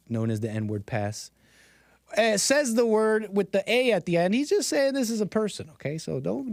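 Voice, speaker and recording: A man with a high-sitting voice hosts a casual commentary stream, recorded dry with clean studio sound. He rambles, restarts often, and laughs at his own asides.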